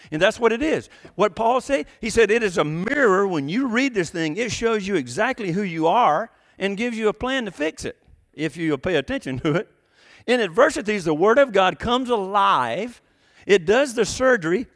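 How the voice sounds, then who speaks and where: A pastor with a voice that sits high preaches a sermon in a large hall. His manner is folksy and conversational, and he often puts questions to his listeners.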